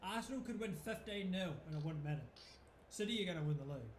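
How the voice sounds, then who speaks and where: Kiwi guy streaming a footy watch-along, high-ish voice, swears a lot, echoey room w faint hum. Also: animated, fast talker. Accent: New Zealand. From New Zealand. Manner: casual, sweary, rambling banter. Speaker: football fan streamer. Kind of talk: live watch-along chat.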